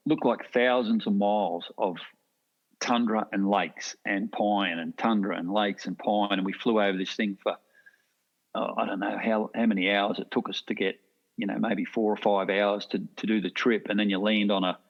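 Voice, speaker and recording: A middle-aged man with an Australian accent, a podcast guest telling hunting stories in a rambling, animated way with lots of restarts. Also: fairly low pitch. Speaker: guest hunter. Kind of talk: casual storytelling. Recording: dull lo-fi podcast audio.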